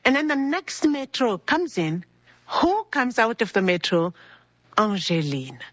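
A woman's voice: fairly high pitch, unhurried, dry recording, lo-fi sound. A woman from Congo, telling a personal story and acting out dialogue in voices, in a cold building. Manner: animated, acts out dialogue in voices.

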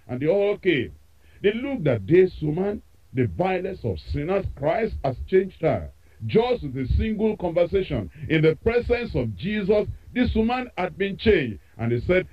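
A man's voice: a little high, very animated, moderate pace, highs cut off. A man preaching a sermon with an emphatic, repetitive cadence.

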